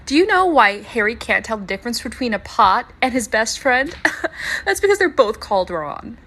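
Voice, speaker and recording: A young woman who makes videos, chatting casually and excitably to her viewers in a rambling way. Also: a little high, moderate pace. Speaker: video creator.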